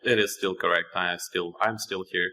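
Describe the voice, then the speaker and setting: Ukrainian-accented man explaining calmly. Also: sits low, poor audio. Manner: measured, explanatory, with occasional restarts. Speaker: guest. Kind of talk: explaining software in a podcast interview.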